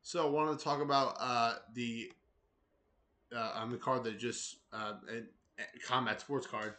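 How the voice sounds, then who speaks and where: A man's voice: mid-range voice, fairly even intonation, a little slow, bright, forceful tone. A man hosting a casual combat sports news roundup in a rambling, loose way, with many fillers and restarts.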